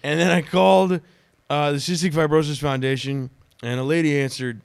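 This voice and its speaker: A man who is a podcast guest, telling personal stories in a dramatic, animated way during casual conversation. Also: a little high, normal speed, gravelly, smooth, no room sound.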